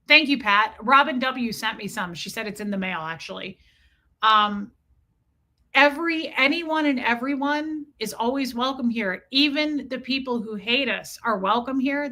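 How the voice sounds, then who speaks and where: Effusive bright-voiced woman live-streaming. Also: on the high side. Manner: effusive, repeats herself, shout-outs to chat names. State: cold, freezing. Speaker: livestream host. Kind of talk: casual live-stream chat, reading chat comments. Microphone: streaming mic.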